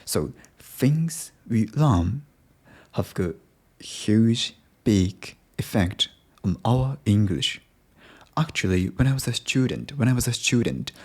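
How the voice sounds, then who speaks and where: A man's voice: on the low side, darkish tone. A young Japanese man with a Japanese accent, speaking English hesitantly with many restarts in a casual video diary. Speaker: English learner vlogger.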